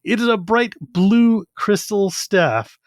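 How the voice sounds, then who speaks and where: A podcast co-host, animatedly retelling a novel and acting out its voices. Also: male voice, sits high, slow, no echo, studio quality. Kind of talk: casual chat.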